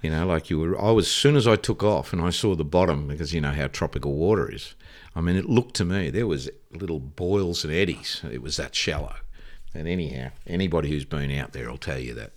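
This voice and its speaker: An older man with an Australian accent and a very deep, low voice spins long, rambling anecdotes. He swears casually and keeps the tone loose and conversational, like a guest chatting in an interview. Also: brisk, hardly any pauses. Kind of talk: casual storytelling.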